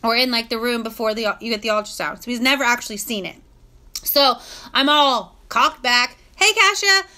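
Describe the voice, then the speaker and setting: A woman's voice: a little high, normal speed, pushed and bright. A woman casually telling a personal story on a live stream, chatty and a little crude, greeting viewers by name as she goes.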